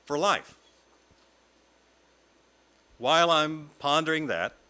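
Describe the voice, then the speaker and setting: Middle-aged man, guest speaker, scripted reflective talk, lyrical measured delivery, bright tone. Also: mid-range voice. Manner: lyrical, measured reading with long lists. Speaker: guest speaker at a fellowship service.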